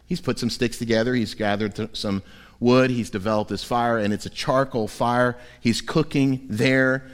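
A man preaching a sermon as pastor in a church, lively and humorous, acting out quoted voices. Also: mid-range voice, moderate pace, big-room sound. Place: church sanctuary.

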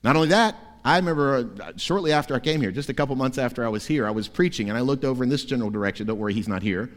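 Emphatic preacher in a reverberant church. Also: male voice, mid-range voice, very fast. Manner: emphatic, rising to forceful peaks. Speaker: pastor. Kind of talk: sermon. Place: church sanctuary.

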